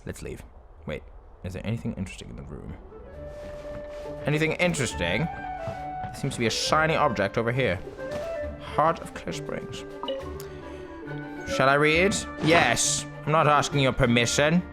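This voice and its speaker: A gaming YouTuber does playful let's play commentary, reading game text aloud and laughing at himself, with the mic right in front of his face and game music behind. His mid-range voice is very animated, at normal speed with frequent pauses.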